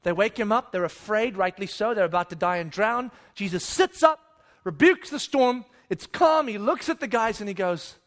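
Man, pastor, high voice, sermon, animated storytelling, conversational. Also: moderate pace. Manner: animated storytelling, acts out disciples and Jesus with sudden loud and hushed voices; conversational, keeps checking with "right?".

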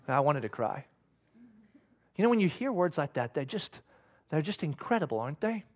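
Male pastor, high voice, earnest sermon delivery that swells to fervent peaks. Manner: repeats words when caught up in thought.

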